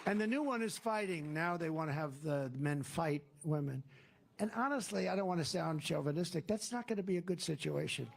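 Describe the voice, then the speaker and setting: A man's voice: on the high side, animated, a little fast, vocal fry. A man giving a campaign rally speech as a political candidate, talking in a rambling, digressive, repetitive way.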